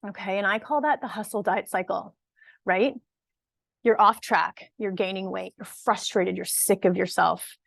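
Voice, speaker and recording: A woman coach talks viewers through a workshop in a friendly, conversational way, often tossing in "right?" and "okay?". Her voice sits at a middle pitch. The sound is dry, with no room echo. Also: normal speed, gravelly, fairly bright tone. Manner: empathetic and encouraging, with occasional laughs. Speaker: fitness and nutrition coach. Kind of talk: online workshop talk to viewers.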